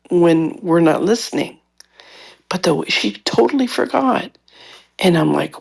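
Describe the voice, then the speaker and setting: Podcast lady, deep husky voice, casual storytelling, does little voices of people. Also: unhurried, pauses often. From Latin American heritage. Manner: animated storyteller who acts out other people's voices. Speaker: podcast co-host. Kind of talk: casual chat.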